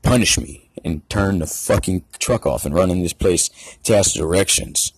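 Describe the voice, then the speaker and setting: A man's voice: low voice, lively intonation, moderate pace, husky, dry recording. A man telling a rambling, profane story in a casual rant. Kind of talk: casual ranting anecdote.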